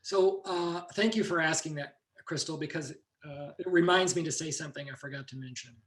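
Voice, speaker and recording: A male teacher with a fairly high voice gives an informal lecture, wandering between points and restarting his sentences. His voice rings in an echoey room. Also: fairly quick. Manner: loose, digressive, with many restarts. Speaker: ki and meditation teacher.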